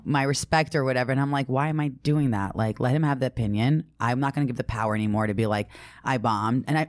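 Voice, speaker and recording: A woman with a low voice, recorded close and dry, chats casually as a podcast guest. She tells stories animatedly, slipping into other people's voices and swearing without a second thought. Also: no room sound. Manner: animated storytelling, acts out quotes, swears casually.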